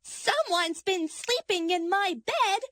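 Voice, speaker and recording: A woman's voice: animated, slow pace, fairly bright tone, full character voice. A woman doing a tearful little bear cub. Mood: upset. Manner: high and tearful. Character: small crying boy bear cub.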